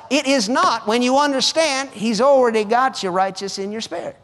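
A man's voice: very high voice, normal speed, a bit bright. A man preaching a sermon, urging his listeners fervently and often repeating his words. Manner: fervent, repetitive exhortation. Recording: long hall reverb.

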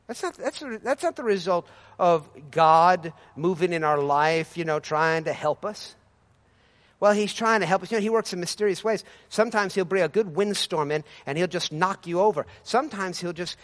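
A male pastor with a very high voice preaches fervently. His delivery swells into shouted praise, and he repeats his key lines with emphasis. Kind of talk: sermon.

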